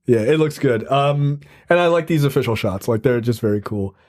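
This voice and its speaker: A man's voice: medium pitch, expressive, normal speed, a little mellow. A man co-hosting a podcast, easygoing and hesitant, with fillers and repeated starts. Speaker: podcast co-host. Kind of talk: casual chat.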